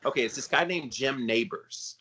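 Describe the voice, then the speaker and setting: Chatty bright-voiced male podcast host. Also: moderate pace. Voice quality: baritone voice. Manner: chatty, rambling, with frequent fillers. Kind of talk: casual podcast interview.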